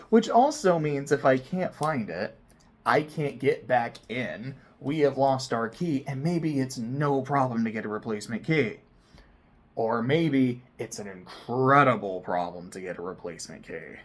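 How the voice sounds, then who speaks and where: A man telling a personal story to camera in a casual vlog, swinging between loud excited bursts and quiet near-whispered asides. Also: medium pitch, unhurried. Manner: frequent swearing, casual slang. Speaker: vlogger.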